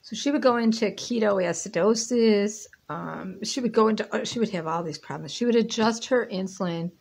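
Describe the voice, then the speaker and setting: A woman's voice: mid-range voice, normal speed, gravelly, a little mellow, slightly rough. A woman in her fifties chatting casually while she cooks in her home kitchen, rambling between stirring and tasting. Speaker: cooking and lifestyle vlogger. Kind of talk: casual chat while cooking.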